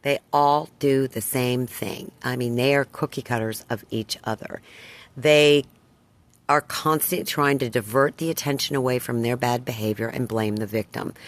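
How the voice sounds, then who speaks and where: An older woman vlogging, retelling a run-in with neighbors in an indignant, emphatic way. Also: very deep voice. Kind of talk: personal storytelling to camera.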